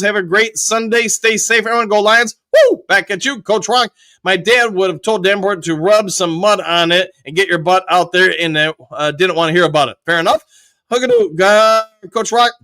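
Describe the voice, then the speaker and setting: High bright-voiced man reading chat. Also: no echo. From Michigan. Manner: reads viewer chat messages aloud and answers them. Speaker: host. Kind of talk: live fan show chat.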